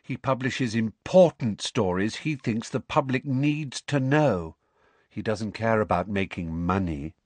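An odd, dreamy teenage girl states things plainly and vaguely, voiced by a man reading aloud. The voice is a little above his own, with a lively pitch. It is recorded dry and close. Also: unhurried, no echo. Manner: dreamy, matter-of-fact.

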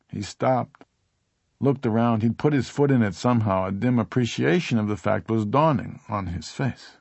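A man narrating an audiobook in a steady, even storytelling manner. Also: mid-range voice, normal speed, vocal fry, dry recording.

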